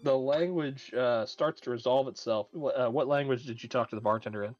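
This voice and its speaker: A man runs a tabletop game as game master, his narration halting and full of restarts. His voice sits at a middle pitch. The recording is a bit muffled, with faint music under it. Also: a little mellow, no echo. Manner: halting, many fillers and restarts.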